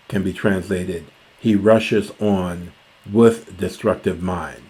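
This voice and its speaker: Male lecturer, very deep and slow, hesitant delivery full of fillers, reads phrases carefully. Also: mellow. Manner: hesitant, many fillers and self-corrections, slows to chant Greek. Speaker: classics lecturer. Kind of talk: reading and explaining ancient Greek lines.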